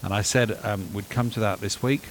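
A man delivering a sermon, animated and emphatic, with dry self-deprecating humor. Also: fairly low pitch, normal speed, slight background noise, low-quality recording. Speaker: preacher.

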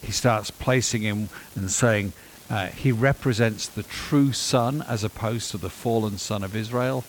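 A man delivering a sermon, animated and emphatic, with dry self-deprecating humor. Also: lowish voice, measured pace, slight background noise, low-quality recording. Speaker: preacher.

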